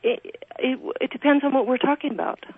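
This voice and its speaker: A woman's voice: high-pitched, brisk, husky, dry recording. An actress being interviewed over the phone, gushing and restarting her sentences often. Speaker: actress guest. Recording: tinny phone line.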